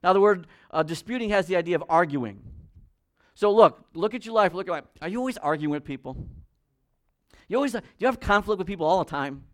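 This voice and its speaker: A man with a fairly high voice preaching a sermon in church. He talks emphatically and puts questions straight to the congregation. His voice rises for stressed words and drops low and quiet for asides. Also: animated, fast talker. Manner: asks the congregation direct questions. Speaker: pastor.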